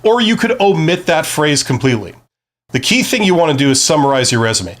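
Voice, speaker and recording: Animated man giving career advice. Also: a little high, fairly quick. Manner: conversational, explanatory, frequent "right?" check-ins. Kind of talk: live stream advice talk.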